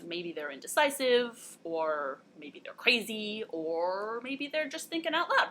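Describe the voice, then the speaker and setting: A woman's voice: medium pitch, big pitch swings, measured pace, hardly any pauses, a bit bright, a little hiss or hum. A young woman hosting a casual, playful lesson, chatty and given to bursts of enthusiasm. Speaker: host.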